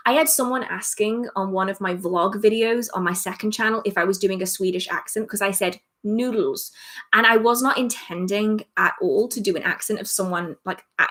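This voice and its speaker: A young English woman hosting a casual livestream Q&A, chatty and self-deprecating, laughing often, filmed under bright lights at home. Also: mid-range voice. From England. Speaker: witchcraft livestream host.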